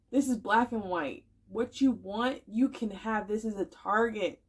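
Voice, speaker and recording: A woman's voice: medium pitch, a little slow, slightly rough. Woman tarot reader, casual and chatty, emotional and encouraging, emphatic delivery. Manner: chatty, emphatic, full of "like" and "y'all". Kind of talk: casual pick-a-card tarot reading.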